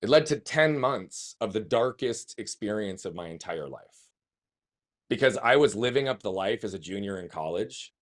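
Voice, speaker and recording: Guy, thirties, animated storyteller who swears and asks rhetorical questions. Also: mid-range voice. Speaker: guest. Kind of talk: conversational storytelling.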